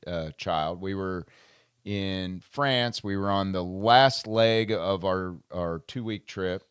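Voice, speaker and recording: An American man hosting a casual podcast, telling a funny travel story and reading trivia questions, animated and laughing often. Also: low voice, slow pace, clean tone, no echo, studio quality. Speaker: podcast host. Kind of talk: casual chat and trivia quizzing. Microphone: studio microphone.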